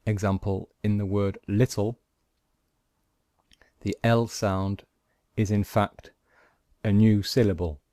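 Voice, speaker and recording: A man teaching pronunciation, patiently explaining phonetic symbols and modelling each sound slowly. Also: fairly low pitch, level tone, mellow, no echo, clean studio sound. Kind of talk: slow, deliberate lesson explaining phonetic symbols.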